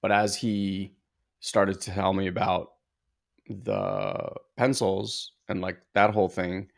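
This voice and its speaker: A man's voice: deep voice, lively intonation, slow, creaky. A man co-hosting a podcast, telling a personal story as a father in an earnest, reflective way, full of filler words. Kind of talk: casual conversational storytelling.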